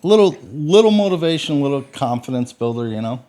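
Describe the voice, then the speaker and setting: A man's voice: medium pitch, animated, a little fast, mellow. A man co-hosting a podcast, speaking in a plain, earnest way. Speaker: podcast co-host. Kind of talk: casual podcast chat.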